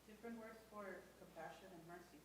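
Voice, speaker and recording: A woman in a Bible study group who reads scripture aloud in a measured way and shares a short observation. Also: mid-range voice, distant mic. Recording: echoey room with faint hiss.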